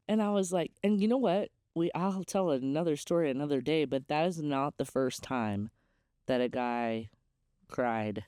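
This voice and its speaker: A woman's voice: deep voice, warm tone, no echo, studio quality. Candid chatty woman podcast host. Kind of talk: casual storytelling.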